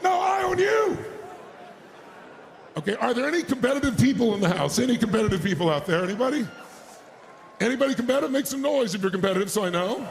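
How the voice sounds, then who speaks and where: A middle-aged man speaking as a motivational speaker at a live keynote, loudly firing up the audience. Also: high voice, lively intonation, rapid-fire, creaky, a little hiss or hum. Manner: loud, crowd-rousing, hype-driving, shouting bursts. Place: large conference stage before a live audience.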